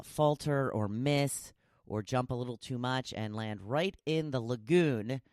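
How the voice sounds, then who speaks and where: A woman's voice: a bass voice, no echo, clean studio sound. A woman hosting a podcast, chatting casually and bubbly with her listeners and laughing often. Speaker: podcast host.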